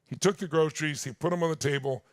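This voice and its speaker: This man in his sixties talks at a quick pace in a slightly high voice. Giving a motivational seminar to a live audience on a large stage, he tells stories with intensity and addresses them directly, and the recording is dry and studio quality.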